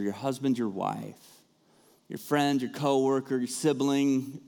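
Man, pastor, preaching a sermon, conversational, animated when acting out characters, mid-range pitch. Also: slow pace, gravelly.

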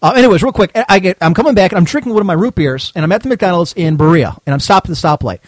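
A man with a slightly raised voice tells a rambling story at an easy, chatty pace. He sounds animated and laughs now and then. The sound is dry and close, with no room around it. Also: sits high, racing, dry recording. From Cleveland, Ohio. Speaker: show host. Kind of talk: casual storytelling chat.

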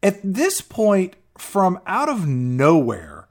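A man's voice: high-pitched, huge pitch swings, slow. A man recapping a movie with sarcastic jokes, now and then slipping into mocking voices. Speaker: podcast co-host.

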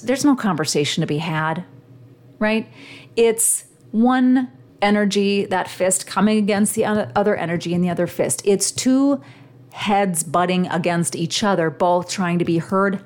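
A woman hosting a show, giving an earnest coaching talk straight to her listeners. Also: medium pitch. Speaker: podcast host. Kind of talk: motivational teaching monologue.

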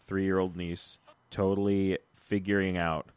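Low-ish guy hosting a podcast, rambly chat, dry close mic. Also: flat delivery, a little slow, a little mellow, clean tone, dry recording. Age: adult, uncle of a three-year-old. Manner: chatty, rambling with fillers and restarts. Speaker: podcast host.

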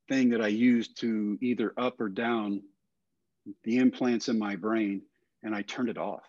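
An older man telling a personal story in a podcast interview, earnest and plain-spoken, often trailing off softly. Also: on the low side, dry recording. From Texas. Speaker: guest. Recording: dull, dry, lo-fi audio.

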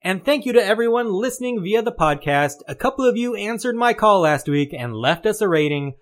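A man's voice: high-pitched, sing-song, fairly quick. A man hosting a casual weekly gaming podcast, joking and poking fun at himself. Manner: playful, self-mocking. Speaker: podcast host.

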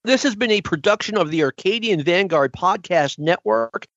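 A chatty male podcast host with a slightly high voice that has gone a little hoarse. He rambles through his stories in a casual way. The sound is dry and a bit dull, like a lo-fi recording. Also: animated, moderate pace, a bit bright, no room sound. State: losing his voice.

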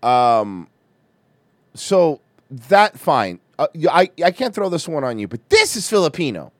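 A man's voice: a little high, wildly swooping pitch, unhurried, dry recording, studio quality. A man hosting a casual stream, joking and swearing a lot while reacting to music videos. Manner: profane, joking, laughs often. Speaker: stream host. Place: hot-weather area.

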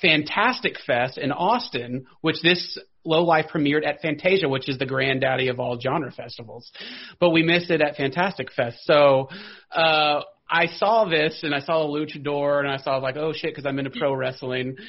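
A man's voice: a little high, moderate pace, lo-fi sound. A man hosting a podcast, enthusiastic and rambling, laughing readily. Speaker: podcast host. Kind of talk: casual podcast interview.

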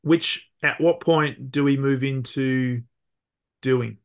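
A man hosting an interview, forming his questions haltingly and repeating words as he thinks. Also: mid-range voice, fairly even intonation, vocal fry. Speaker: podcast host. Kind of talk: interview conversation.

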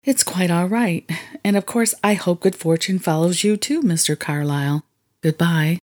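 A woman voicing a gracious, composed young woman who owns a retreat, in a low voice. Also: normal speed, darkish tone, close to an everyday voice.

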